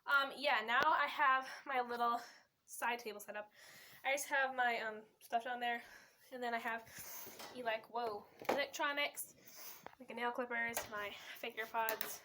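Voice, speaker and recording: High bright chatty woman vlogger. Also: fairly even intonation, a little slow, slight background noise. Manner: chatty and rambling, many fillers and self-corrections. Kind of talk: casual room tour vlog. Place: bedroom. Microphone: phone camera.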